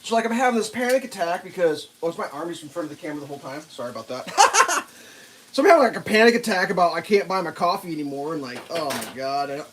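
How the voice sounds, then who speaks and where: Cooking breakfast at home for a casual livestream, a man from the central United States rambles to viewers and chats with his dog. He speaks quickly with a fairly high pitch and big pitch swings, over a noisy background.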